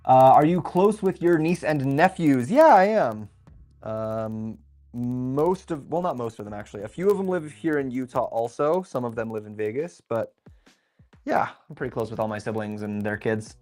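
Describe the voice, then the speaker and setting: A young man runs a relaxed livestream, chatting easily while he builds. His voice sits in an ordinary middle pitch. He mutters to himself over the pieces, then reads out viewer questions and answers them. Soft music plays quietly underneath. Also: normal speed. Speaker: livestream host building a LEGO set. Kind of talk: casual livestream chat.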